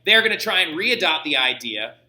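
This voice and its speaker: A male history teacher giving a lecture in an animated, jokey and digressive way. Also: on the high side, brisk, reverberant, low-quality recording. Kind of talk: recorded classroom lecture.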